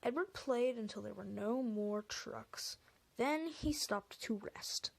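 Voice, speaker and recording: A woman narrating a children's train story in a soft, storytelling way. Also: a little high, slow, vocal fry, no room sound. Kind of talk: storybook reading.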